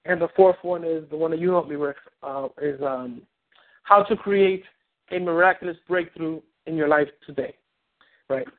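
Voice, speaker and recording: A man coaching on a phone call, animated and rambling, acting out little scenes. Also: a little high, normal speed. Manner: animated, rambling, acts out quotes. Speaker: relationship coach. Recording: tinny phone line.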